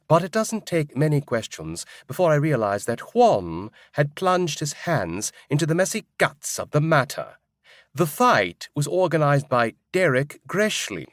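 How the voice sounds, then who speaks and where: Lively, wry male audiobook narrator. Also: medium pitch, dry recording, studio quality. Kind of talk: first-person audiobook narration.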